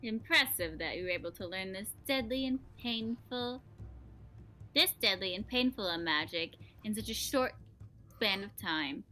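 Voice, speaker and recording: A woman's voice: mid-range voice, lively intonation, measured pace, bright, forceful tone. A woman voicing a possessive, villainous sorceress mother while reading a visual novel aloud, with a cold, reproachful delivery.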